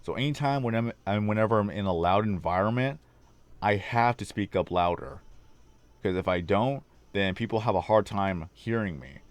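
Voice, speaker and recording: A man with a low baritone voice hosting a casual livestream chat, slightly hoarse and rambling on long tangents. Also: moderate pace, no echo. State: slightly hoarse, losing his voice. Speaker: livestream host. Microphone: desk microphone.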